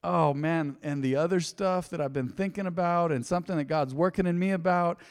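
A man teaching through Bible verses in a casual devotional sermon. He talks straight to his listeners, swinging from emphatic to soft and reflective. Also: a little high, brisk, clear, resonant tone, big-room sound. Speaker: pastor.

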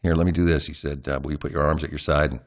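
A man's voice: a bass voice, flat delivery, very fast. A man, a longtime news anchor, animatedly telling a chatty anecdote as an interview guest at home. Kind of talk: candid interview storytelling. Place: his home.

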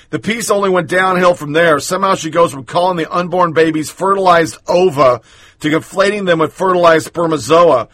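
Profane, ranting man with a fairly high voice. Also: breathy edge, dry recording. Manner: profane, mocking and indignant, with sudden loud outbursts. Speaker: commentary host. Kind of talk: ranting commentary reading articles aloud.

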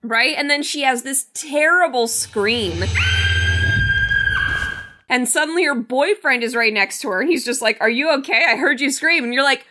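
Bright high-voiced woman podcast cohost, animated and incredulous, casual chat. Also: normal speed, faint music behind. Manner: animated, incredulous, reads from her notes. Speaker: podcast co-host.

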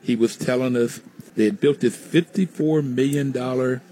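A man's voice: medium pitch, moderate pace, mellow, a little hiss or hum. A man hosting a radio interview show, speaking upbeat and addressing the listeners directly.

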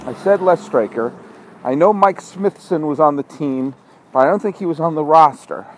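This podcast host has a fairly high-pitched voice and keeps a moderate pace on a rough recording. He walks an outdoor parking lot at night, rambling exasperatedly and scolding himself over outdoor street noise and the sound of a truck backing up.

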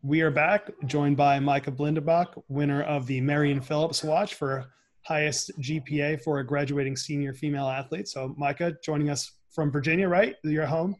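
A man hosting a show, presenting in a smooth, upbeat way. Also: a little high, steady tone, normal speed. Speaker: show host.

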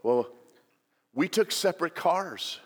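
A man's voice: fairly high pitch, lively intonation, slow, a bit bright, breathy edge, in a large hall. A male pastor giving a sermon in a church, telling the story with humor and joking asides.

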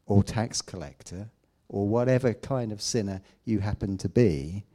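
A man preaching a sermon, emphatic, with loud declamations and quiet asides. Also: lowish voice, normal speed.

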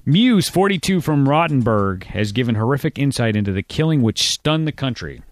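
A man's voice: medium pitch, big pitch swings, moderate pace, dry recording. A man co-hosting a casual podcast, reading articles aloud and adding joking asides.

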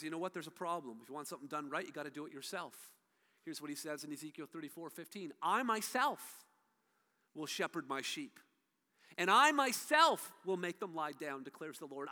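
A man preaching a sermon as a pastor, emphatic, his voice swinging from soft to loud. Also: fairly high pitch, long reverb tail.

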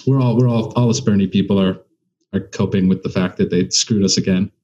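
A man's voice: deep voice, steady tone, a little fast, mellow, dull audio. A man who does stand-up comedy, talking as a guest in a casual conversation and thinking aloud with many restarts.

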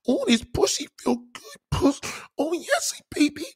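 Man putting on a squealing, breathless high woman. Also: very animated, unhurried, full character voice. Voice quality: squealing falsetto, crying out. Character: breathless excitable young woman, loud and high.

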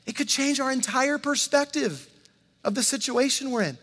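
A man's voice: very high-pitched, expressive, normal speed, fairly bright tone. A man preaching a sermon in a conversational way, repeating phrases and acting out quoted lines. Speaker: pastor. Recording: long hall reverb.

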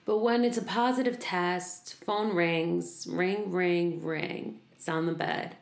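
Gravelly-voiced chatty woman. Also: lowish voice, unhurried. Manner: chatty, self-deprecating, acts out both sides of conversations. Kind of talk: candid personal storytelling.

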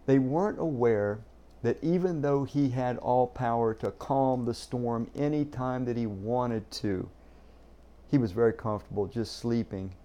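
A man's voice: medium pitch, mellow. A male pastor preaching a sermon in an earnest, emphatic way, often repeating words as he starts a sentence.

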